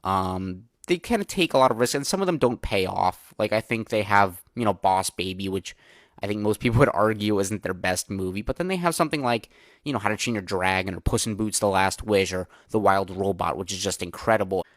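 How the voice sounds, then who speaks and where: A man's voice: lowish voice, brisk, no room sound, studio quality. A young man hosting a solo movie review podcast, chatting casually with lots of filler words and candid opinions.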